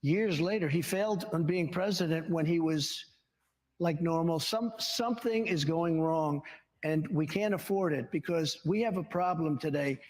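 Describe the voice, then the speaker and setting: A man's voice: on the high side, moderate pace, a little mellow. A man in his seventies answering interview questions at a town hall, rambling from story to story and boasting as he goes. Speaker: interview guest.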